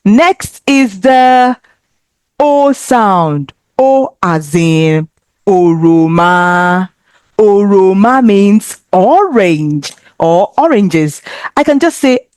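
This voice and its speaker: A woman teaching a children's language lesson, speaking slowly and with careful, encouraging enunciation. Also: mid-range voice, lively intonation, a little mellow, no echo, clean studio sound.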